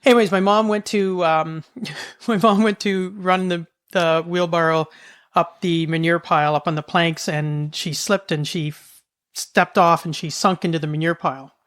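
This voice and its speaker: A middle-aged woman co-hosting a podcast, telling a childhood farm story in a casual, animated way. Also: on the low side, moderate pace. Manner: animated storyteller, shrieks when quoting her mother. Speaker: podcast co-host.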